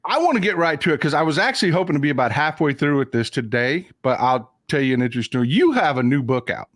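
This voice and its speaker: A man hosting a casual livestream show, telling stories with lively impressions of the people in them. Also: a little high, fast, no echo, studio quality. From Texas. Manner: animated storyteller, mimics people in raised voices. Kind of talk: casual chat.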